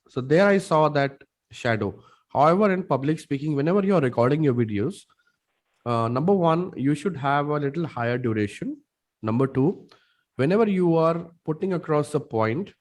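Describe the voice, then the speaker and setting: A man from Punjab with a Punjabi accent, mentoring students on public speaking in an emphatic, rapid-fire way with rhetorical questions. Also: medium pitch. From Punjab, India. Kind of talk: mentoring session.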